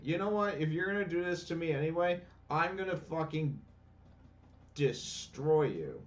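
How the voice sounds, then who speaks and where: A man's voice: on the high side, lively intonation, normal speed, far from the mic, highs cut off. A man giving casual let's-play commentary, ranting and swearing sarcastically about the game. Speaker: gameplay commentator. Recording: voice a bit off-mic, faint game music.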